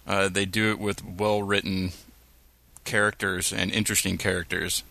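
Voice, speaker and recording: A man's voice: sits low, little pitch movement, moderate pace, creaky, sharp tone, no room sound. A man co-hosting a TV podcast in casual chat, rambling with lots of fillers. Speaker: podcast co-host.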